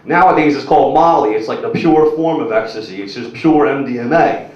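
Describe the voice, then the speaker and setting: A man's voice: mid-range voice, fairly quick. A young man doing a stand-up set, rambling and crude, full of "like" and "you know", talking to the crowd. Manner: crude, rambling, filler-heavy delivery. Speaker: stand-up comedian. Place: comedy club stage. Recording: echoey, muffled room recording from a distance.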